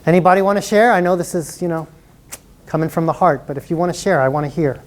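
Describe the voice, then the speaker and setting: A man's voice: on the high side, quick pace. A man presenting a live college workshop to an audience, chatty and encouraging, often laughing.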